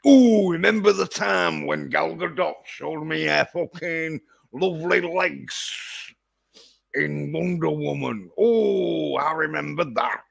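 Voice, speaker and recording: A man's voice: a little high, takes it slowly, vocal fry, slightly rough, pitched above the performer's own voice, exaggerated voice. A man doing a wistful drunken reminiscer.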